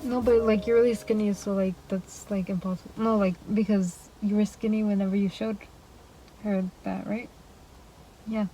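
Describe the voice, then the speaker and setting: A woman breaks into a friend's story with skeptical, offhand remarks. Her voice sits at a middle pitch, with faint music behind her. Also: little pitch movement, moderate pace, dark tone, recorded from a distance, low-quality recording. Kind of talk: casual chat.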